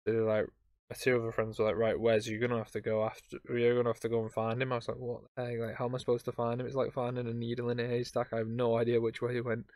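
A young man tells a messy travel story on his podcast, rambling through it with fillers and restarts. His voice is smooth and clear, recorded close and dry. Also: mid-range voice, monotone, racing, a little mellow, dry recording. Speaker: podcast host. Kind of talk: casual storytelling.

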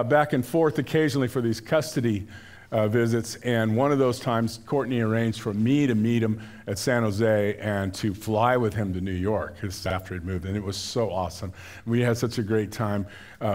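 An older man delivers a sermon in church like he is chatting with the congregation. He tells stories easily and often restarts his sentences. His voice sits at a middle pitch for a man. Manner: conversational storytelling with frequent restarts. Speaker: pastor. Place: church sanctuary.

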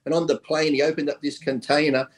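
A man telling rough, profane anecdotes in a casual chat, laughing as he goes. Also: a little high, level tone, fast talker. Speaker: bodybuilder telling stories.

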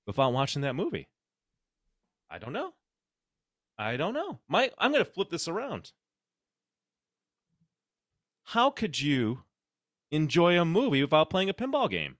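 A podcast host rants sarcastically in casual conversation, animated and swearing freely. His voice is slightly high, at normal speed with frequent pauses, and the recording is clean studio quality with no echo.

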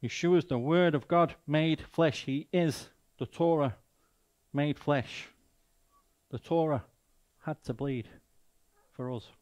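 Mancunian male guest preacher, fairly high voice, emphatic, rhetorical questions. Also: takes it slowly, pauses often, a little mellow. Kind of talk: sermon.

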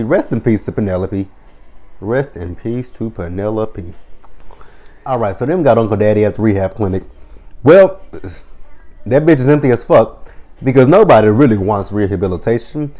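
A man's voice: medium pitch, warm tone. A man in his thirties casually recapping a TV episode, swearing freely and acting out the characters' lines. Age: 30s. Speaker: TV episode reviewer.

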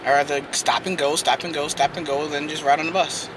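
A man's voice: on the high side, fairly even intonation, a little fast, noisy background. A man chatting casually while he drives, rambling with lots of fillers. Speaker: vlogger. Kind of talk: casual vlog chat while driving. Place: in his car.

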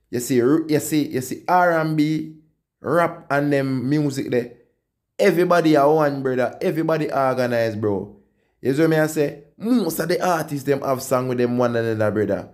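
A man with a Jamaican accent gives casual commentary for his own entertainment channel. He keeps looping back to "you see me, I say," and his pitch jumps up often as he makes his points.

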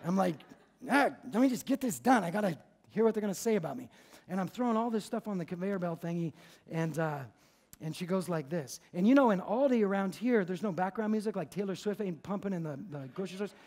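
A man preaching as a pastor, telling a story in a lively, conversational, jokey way. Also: sits high, quick pace. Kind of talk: sermon with storytelling. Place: church service.

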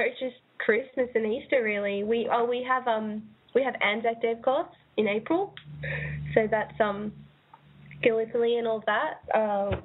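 An Australian woman talks easily as a guest, often breaking into laughter. Her voice is a touch high and husky, and it comes through a thin, phone-like line. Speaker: guest musician. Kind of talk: casual interview over a call.

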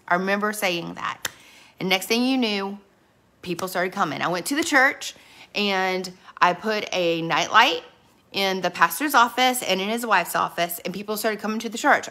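A woman's voice: mid-range voice, normal speed, bright, forceful tone. A middle-aged woman giving a motivational sales team training, telling earnest stories with quoted dialogue and speaking straight to her listeners. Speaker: direct sales team leader.

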